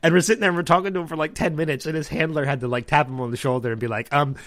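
A podcast host with a voice on the high side races through a story in casual chat. He's animated, acting out other people's lines as he tells the anecdote.

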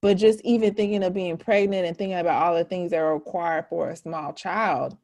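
A woman hosting a casual conversation, warmly affirming her guest and animated when she retells what others said. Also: lowish voice, fairly quick. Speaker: podcast host.

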